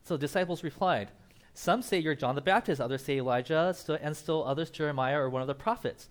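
A young man preaching a casual sermon as pastor, animated, acting out Bible characters and laughing often. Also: fairly high pitch, quick pace.

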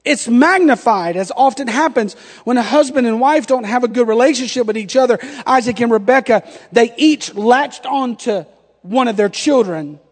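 A pastor in his thirties with a remarkably high voice delivers a sermon, spinning a playful tale and performing each back-and-forth. He speaks at a moderate pace, and a long hall reverb trails his words.

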